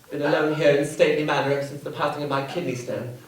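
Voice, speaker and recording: A man's voice: on the high side, little pitch movement, very fast, very noisy, lightly acted. Man doing a prim lonely lady. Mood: coy. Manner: prim, hushed, coy and flirtatious. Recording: live comedy club, echoey, mic far off.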